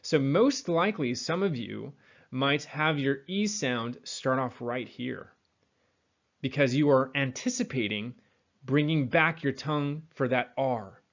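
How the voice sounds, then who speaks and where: Man, accent coach, General American accent, mid-pitched voice, repeats sounds slowly, slightly lo-fi. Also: lively intonation, a bit bright. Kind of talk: teaching pronunciation.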